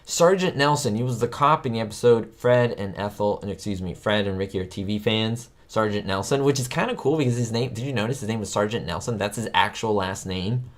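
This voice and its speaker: A man hosting a trivia livestream, chatting casually and excitably with his viewers, rambling from one fact to the next. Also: on the low side, fairly quick, hardly any pauses.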